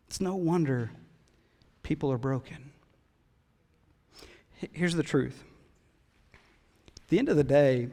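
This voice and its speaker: Emphatic preacher in a reverberant hall. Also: male voice, sits high. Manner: swings from loud emphatic build-ups to hushed whispers; conversational, jokes with the congregation. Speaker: pastor. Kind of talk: sermon. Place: church hall. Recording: long hall reverb in a church.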